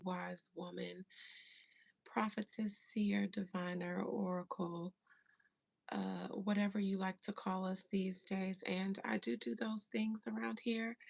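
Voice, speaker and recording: A woman hosting a casual spiritual livestream, greeting viewers by name and sometimes dropping into a soft whisper. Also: medium pitch, vocal fry. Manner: slow, drawling, breaks into soft whispers. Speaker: livestream host and spiritual medium.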